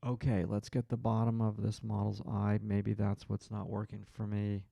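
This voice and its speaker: A man's voice: on the low side, monotone, normal speed, vocal fry, warm tone, no echo, lo-fi sound. A man hosting a live drawing stream, thinking aloud as he draws and chatting with viewers in his chat.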